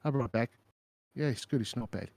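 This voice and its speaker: A man's voice: medium pitch, a little fast, gravelly, darkish tone, no room sound. Joking, loose-talking man on a call. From Minnesota. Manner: loose, joking, swears casually. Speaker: crypto stream host. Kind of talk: casual chat. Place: home, rural.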